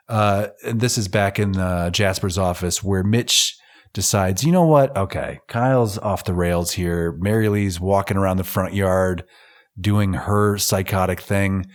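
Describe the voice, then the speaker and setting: This podcast co-host is a man with a lowish voice talking at normal speed. He recaps an old film in a loose, joking way, swearing freely and performing the characters' lines in quotes.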